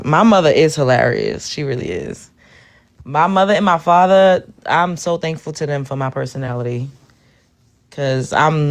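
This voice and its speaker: Brooklyn lady on a livestream, blunt and animated, chatting with viewers. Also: sits low, clean tone. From Brooklyn, New York. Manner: animated, blunt, talks to chat. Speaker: livestream host. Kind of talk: casual livestream talk.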